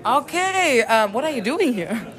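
A fairly high-voiced woman with a German accent hosts a casual bar podcast. Her English is simple and non-native, and she teases her guests. She keeps the talk loose and friendly. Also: big pitch swings, measured pace, crowd noise. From southern Germany. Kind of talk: casual street interview. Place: busy wine bar.

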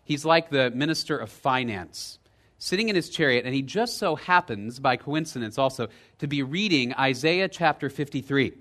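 A man preaching a sermon as pastor, telling a story with lively energy, dropping low and quiet for emphasis and rising loud in the retelling. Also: moderate pace. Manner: lively storytelling, checks in with "right?".

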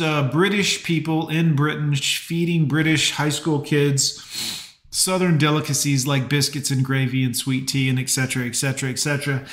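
A man's voice: on the high side, a bit bright, echoey room. A man hosting a live stream, talking casually and rambling with plenty of fillers. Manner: chatty, rambling, lots of fillers. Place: home.

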